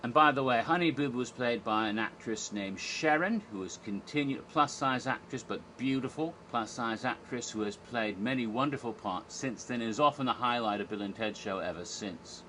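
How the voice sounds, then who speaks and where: A man's voice: mid-range voice, normal speed, few pauses, pushed and bright, a little hiss or hum, rough recording. A man casually retelling a comedy stage show, chatty and irreverent, often acting out the characters' lines. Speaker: theme park history vlogger.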